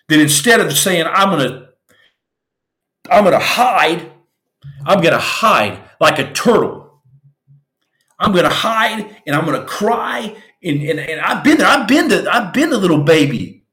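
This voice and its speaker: An intense male podcast host preaching about getting back up after hard times, his pitch sitting a little high and swinging widely as he pushes each point. He talks with raw feeling and a sermon-like drive. The room around him rings with a noticeable echo. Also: a bit bright. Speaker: podcast host, former Navy SEAL. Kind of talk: impassioned motivational storytelling.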